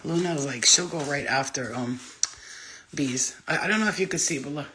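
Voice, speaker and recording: Bright-voiced, excitable rambling woman. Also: deep voice, fairly quick, slight background noise. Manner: excitable, rambling, swears freely. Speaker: vlogger. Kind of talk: casual chatty vlog.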